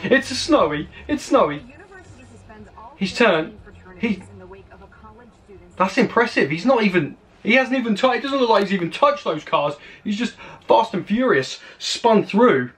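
Excitable British man with a high, lively voice. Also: measured pace. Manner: excitable, exclaiming, gasping at each clip. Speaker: channel host. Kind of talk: reaction commentary on crash videos.

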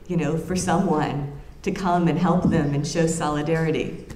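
A woman giving an academic lecture in an earnest, reflective way, often pausing and restarting her phrases. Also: sits low, fairly even intonation, dark tone. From United States. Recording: roomy lecture room with faint ambience.

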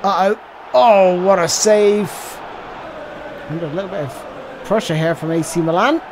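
A man commentating on his own football video game match, switching between hushed despair and shouted celebration. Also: high voice, moderate pace, background noise. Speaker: gaming commentator. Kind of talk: excited gameplay commentary.

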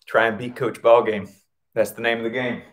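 A man's voice: medium pitch, flat delivery, moderate pace. A man running a live-streamed PE class, upbeat, calling out nicknames and counting exercise reps, short of breath from working out. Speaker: PE coach.

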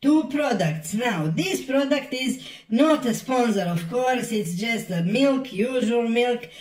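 Halting man in a roomy echo. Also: extremely high pitch. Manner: halting, repeats words, deadpan asides. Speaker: comedy product reviewer. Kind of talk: rambling comic review to camera.

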